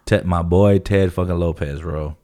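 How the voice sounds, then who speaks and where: Deep-voiced man, profane and emphatic. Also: fairly even intonation, normal speed, dark tone. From California. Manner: profane, emphatic storytelling, says "bro" constantly. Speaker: podcast guest. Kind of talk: casual podcast chat.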